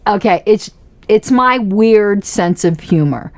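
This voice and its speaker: A woman's voice: medium pitch, animated, takes it slowly. A woman hosting a casual political commentary livestream, chatty and self-mocking, often laughing as she talks.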